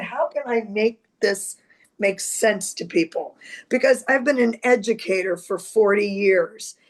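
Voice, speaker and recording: Reassuring woman teaching astrology. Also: mid-range voice. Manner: reassuring, slow and deliberate, drops to a whisper at times. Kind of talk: casual astrology talk to camera.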